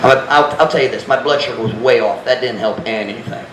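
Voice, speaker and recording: A man's voice: mid-range voice, fast talker. A man, preaching a sermon as pastor in a frank, earnest way and acting out his own prayers. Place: church sanctuary. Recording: echoey church room, faint noise.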